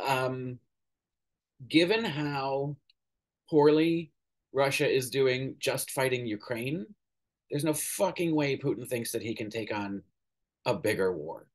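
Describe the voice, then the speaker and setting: A man giving casual, opinionated political commentary as a podcast host, pausing often with fillers and swearing now and then. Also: mid-range voice. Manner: opinionated, hesitant with many ums, swears casually.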